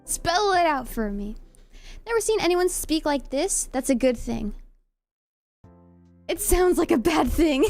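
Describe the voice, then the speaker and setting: A young woman with a Californian accent chats casually with her viewers as a streamer. Her voice sits high and light, and she talks in a giggly, playful, self-deprecating way. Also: sing-song, takes it slowly, long pauses, faint music behind. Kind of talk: casual chat reading live comments.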